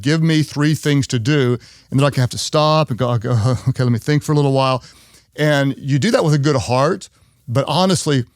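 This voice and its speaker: A man's voice: no echo, clean studio sound. A middle-aged man hosting a leadership podcast. He teaches earnestly and repeats key phrases for emphasis. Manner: acts out quoted people in higher voices. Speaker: podcast host.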